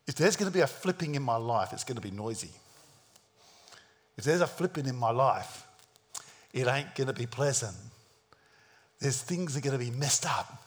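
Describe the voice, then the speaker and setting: A man's voice: mid-range voice, animated, moderate pace, long pauses. A man preaching a sermon in a dramatic storytelling style, acting out the scenes he describes. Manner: dramatic, acts out the scenes, plays other voices.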